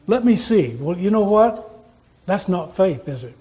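Preacher guy with a high mellow voice, folksy sermon, lots of rhetorical questions. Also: very animated, unhurried.

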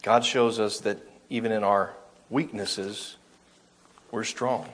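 A man's voice: lowish voice, steady tone, slow pace, fairly bright tone, a little hiss or hum. A man preaching a sermon, reading scripture aloud and explaining it, correcting himself now and then.

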